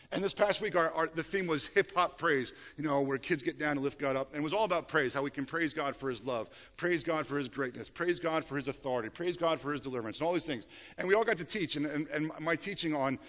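A middle-aged male pastor preaching a sermon, animated and emphatic, with frequent restarts. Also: on the high side. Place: church sanctuary. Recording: long reverb of a church hall.

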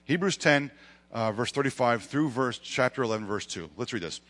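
Guy preaching in church, swings up loud for the big points, long hall reverb. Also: mid-range voice, animated, normal speed. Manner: preaching with emphatic rises and dramatic retellings. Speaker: pastor. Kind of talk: sermon.

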